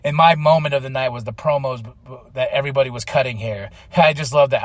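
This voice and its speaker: A man hosting a podcast, chatting casually and excitedly, acting out other people's lines in quick voices between plenty of fillers. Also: medium pitch, no room sound. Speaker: podcast host recapping wrestling. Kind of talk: casual chat.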